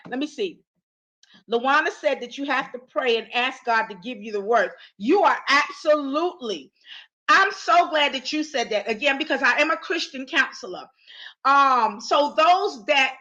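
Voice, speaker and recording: A woman's voice: sits high, low-quality recording. A woman hosting a live online counseling talk as a Christian counselor, speaking earnestly and often restarting her words. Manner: earnest, repeats and restarts words, warm emphatic preaching tone. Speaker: Christian counselor and show host.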